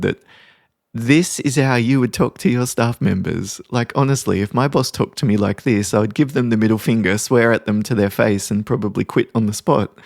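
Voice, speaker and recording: A man's voice: medium pitch, creaky, a little mellow, no echo, clean studio sound. A man hosting a podcast as a mediator, telling a workplace story casually and wryly, with frequent asides. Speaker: podcast host and professional mediator. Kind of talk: reflective storytelling monologue.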